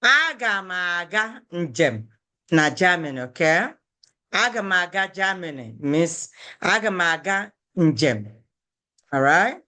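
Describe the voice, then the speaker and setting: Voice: medium pitch, sing-song, measured pace, sharp tone. An Igbo language teacher giving a lesson, patiently repeating each phrase and checking in with "okay?".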